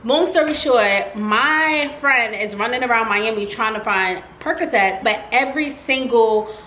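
A woman vlogger chats through a storytime in a casual, animated way, leaning on "like" as she goes. Her voice is bright and forceful. The sound has a roomy echo with a faint hum behind it. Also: on the high side, measured pace. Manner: chatty, animated, heavy use of "like".

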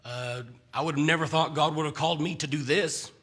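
A man's voice: a little high, steady tone, fairly quick, a bit bright, breathy edge. A man preaching a conversational sermon in a church, often stumbling and restarting his words.

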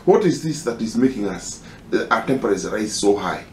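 A man with a Kenyan accent making an impassioned, halting personal appeal, pleading and repeating himself. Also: lowish voice, big pitch swings, darkish tone, roomy sound, a little hiss or hum. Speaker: concerned citizen.

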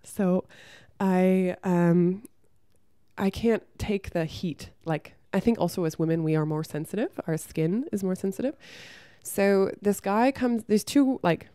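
A young woman talking frankly to camera, giving relationship advice and telling a story from her own life with lively acted-out quotes and some swearing. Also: medium pitch, measured pace, clean tone, no echo, studio quality. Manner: frank and blunt, swears freely; lively storyteller who acts out the people she quotes. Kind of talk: casual advice monologue with storytelling.

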